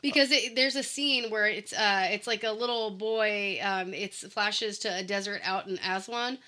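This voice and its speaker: A woman's voice: mid-range voice, fairly even intonation, moderate pace, sharp tone. A woman co-hosting a casual movie recap chat, chatty, full of likes and ums as she quotes characters. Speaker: podcast co-host.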